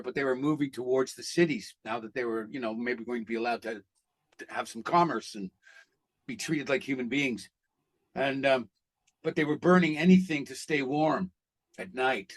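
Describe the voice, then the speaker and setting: A man who is an actor, telling stories in a casual interview, animated and blunt, with some profanity. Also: medium pitch. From Canada. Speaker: actor guest.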